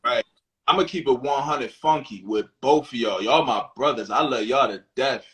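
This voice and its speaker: Poor audio captures a man of medium pitch and moderate pace with a slightly bright tone. As co-host of a frank, casual talk show, he speaks bluntly and emphatically, cursing freely and reading viewer questions aloud.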